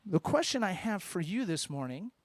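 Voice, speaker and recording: Man, rabbi, high voice, dry close sound, chatty sermon with jokes. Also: moderate pace, dry recording. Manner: lively, informal, joking asides. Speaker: rabbi teaching at a Shabbat service. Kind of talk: interactive sermon with congregation. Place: synagogue sanctuary.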